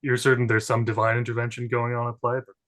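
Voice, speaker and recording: A man's voice: medium pitch, monotone, quick pace, a bit bright. A man runs a tabletop game in an easy, chatty way. His voice sits in an ordinary middle range, and he drifts through fillers and restarts as he describes the scene. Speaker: game master.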